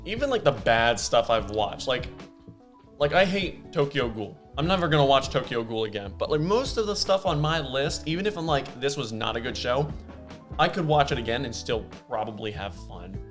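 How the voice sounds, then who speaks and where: A man's voice: medium pitch, expressive, moderate pace, fairly bright tone, soft background music. Easygoing young man musing casually. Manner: easygoing, short replies and musings. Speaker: podcast co-host. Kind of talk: casual chat about anime.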